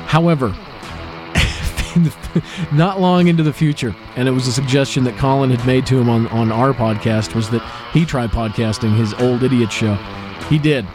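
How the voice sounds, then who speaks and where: A man's voice: medium pitch, normal speed, music in the background. A man hosting a podcast, telling stories in a rambling, self-deprecating way. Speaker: podcast host. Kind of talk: casual retrospective narration.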